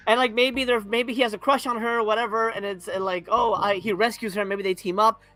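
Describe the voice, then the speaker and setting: A man's voice: high-pitched, steady tone, fairly quick, bright, forceful tone, soft background music. Crude, sarcastic man rambling. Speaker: podcast panelist. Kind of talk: casual movie review chat.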